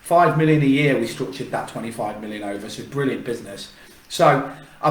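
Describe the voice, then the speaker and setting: A man talks in an emphatic, repetitive way, restarting his sentences as he argues his point. His voice sits at an ordinary middle pitch. He is set back from the mic in an echoey room. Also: recorded from a distance. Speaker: football fan channel host. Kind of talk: casual opinion vlog.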